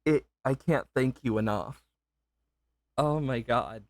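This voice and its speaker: A young man chats slowly through a live game stream, gushing and emotional, stopping and restarting his sentences. His voice sits at an ordinary pitch. The sound is dry and close, with no room around it. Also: no echo. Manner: emotional, gushing repeated thank-yous; rambling with self-interruptions. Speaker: livestreamer. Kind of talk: live gameplay stream chat.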